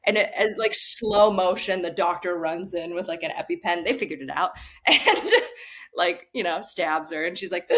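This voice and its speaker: A young woman comedian telling a family story on a podcast, animated, with frequent laughs and filler words. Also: on the low side, moderate pace. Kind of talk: casual storytelling chat.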